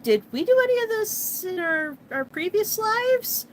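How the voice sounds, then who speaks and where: A woman's voice: very high-pitched, very animated, unhurried, slight background noise, pitched above the performer's own voice, exaggerated voice. A woman voicing a timid fourteen-year-old heroine girl who hesitates and stammers in a raised voice. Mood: flustered.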